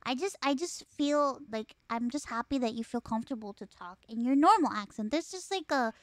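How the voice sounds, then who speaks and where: A young woman with a Spanish accent hosting a casual talk show, excitable, repeating herself and swearing freely. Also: fairly high pitch, brisk, no echo, clean studio sound. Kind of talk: casual chat.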